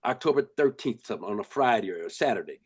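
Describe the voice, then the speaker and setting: An older man from Los Angeles, a former basketball player, telling stories in a casual, animated way with lots of restarts. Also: fairly low pitch, fast talker, breathy edge. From Los Angeles, USA. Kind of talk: casual storytelling.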